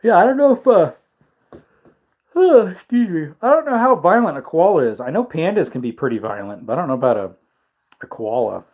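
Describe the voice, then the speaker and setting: A man's voice: a little high, big pitch swings, quick pace, narrow, tinny audio. A tired, yawning man hosting a casual livestream, rambling and chuckling as he reads out chat comments. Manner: rambling, chuckling, musing aloud. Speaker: livestream host.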